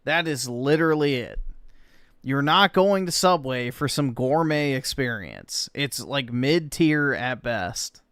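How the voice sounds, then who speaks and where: A man's voice: mid-range voice, animated, takes it slowly, fairly bright tone, clear, resonant tone, no echo. A man reacting to a video, sarcastic, profane and exasperated. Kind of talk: mocking reaction commentary.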